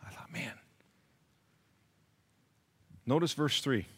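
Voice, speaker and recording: Brief: male pastor, punchy sermon delivery, loud peaks and hushed asides, church congregation. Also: lively intonation, slow pace, slightly rough. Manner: emphatic preaching, swings from loud peaks to low asides; repeats phrases for emphasis.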